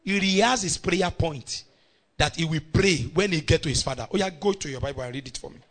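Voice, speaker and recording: A middle-aged man with a Nigerian accent preaching a sermon, animated and often breaking into shouts as he calls out to the congregation. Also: on the high side, fairly quick.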